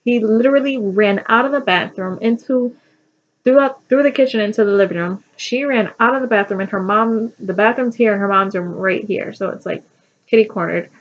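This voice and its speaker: A woman's voice: mid-range voice, fairly quick, highs cut off. A young woman telling a personal story in casual chat, rambling with fillers and restarts.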